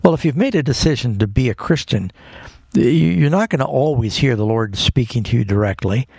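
A man's voice: mid-range voice, animated, brisk, gravelly, a little mellow, breathy edge, dry recording, studio quality. A man who is a pastor, earnestly explaining Bible questions to callers on a call-in radio program. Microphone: studio microphone.

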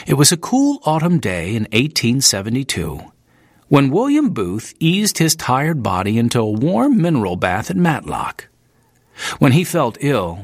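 A man narrating an audiobook in a clear, even storytelling manner. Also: mid-range voice, no echo, clean studio sound.

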